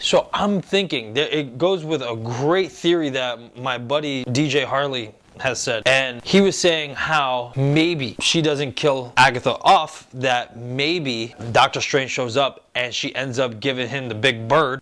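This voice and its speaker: A young man hosting a casual review vlog, talking excitedly and acting out quotes in an animated way. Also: mid-range voice. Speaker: host reviewing a TV episode.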